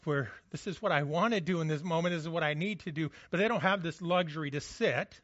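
A man's voice: a little high, fast, fairly bright tone, no echo, muffled recording. A man preaching a sermon as a pastor, earnest and often repeating words as he restarts his sentences.

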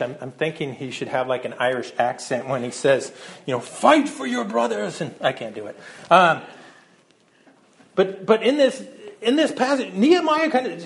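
A middle-aged pastor preaches to his congregation in a loose, conversational way, often tripping over the first words of a sentence. His voice sits a little higher than most men's. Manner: conversational, repeats words when starting sentences. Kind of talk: sermon.

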